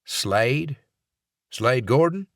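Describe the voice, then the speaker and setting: A man's voice: medium pitch, expressive, extremely slow, dry recording, studio quality, pitched above the performer's own voice. A man voicing a folksy male sheriff's investigator who chats easily while probing with questions. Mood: chatty probing. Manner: chatty, probing, easygoing.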